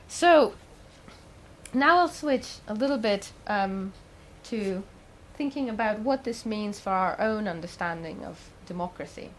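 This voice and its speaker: A woman's voice: mid-range voice, measured pace, slight background noise, rough recording. A woman giving a talk, telling a story in a conversational way with the odd filler and questions to the audience. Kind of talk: storytelling lecture.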